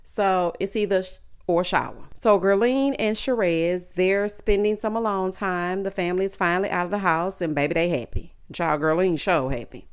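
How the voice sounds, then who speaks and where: A woman's voice: on the low side, normal speed, hardly any pauses, smooth. A woman with a Southern US accent, recapping a reality show in a sassy, chatty way with asides to her viewers. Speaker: recap vlogger.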